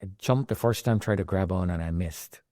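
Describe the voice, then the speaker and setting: A man's voice: deep voice, fairly quick, dark tone, dry recording, studio quality. A middle-aged man telling his own survival story in an emotional, dramatic way, rising into pleading outbursts. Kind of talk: personal testimony.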